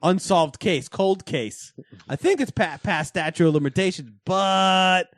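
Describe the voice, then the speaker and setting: A man co-hosting a sports podcast in casual chat, animated and profane, slipping into joking impressions. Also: high voice, a little slow, no room sound, clean studio sound. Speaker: podcast co-host.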